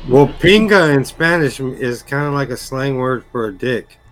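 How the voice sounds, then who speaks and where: A man co-hosting a podcast, laid-back and quick to laugh in casual chat. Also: mid-range voice, lively intonation, fairly bright tone, faint music behind, poor audio. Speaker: podcast co-host.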